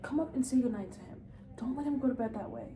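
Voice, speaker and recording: A woman reading the part of a patient, weary middle-aged wife and mother in a play read-through, gentle and coaxing. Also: fairly high pitch, fast talker, background noise, lightly acted.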